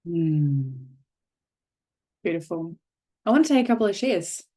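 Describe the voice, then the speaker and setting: A woman's voice: on the low side, big pitch swings, a little slow, mellow. A woman leading an online workshop over a video call, encouraging and swearing casually. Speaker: workshop facilitator.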